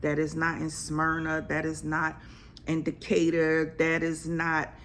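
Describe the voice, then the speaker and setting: A woman's voice: low-pitched, completely flat delivery, a little slow, a bit bright. A woman doctor, talking bluntly and emphatically in casual slang to her podcast audience. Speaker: OB-GYN physician and podcast host. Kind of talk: casual podcast talk on health.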